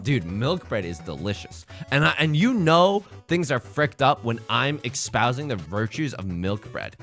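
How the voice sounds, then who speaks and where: A young man streams a tile game live, joking and rambling with his chat and swinging between shouting and muttering. His voice is a little high.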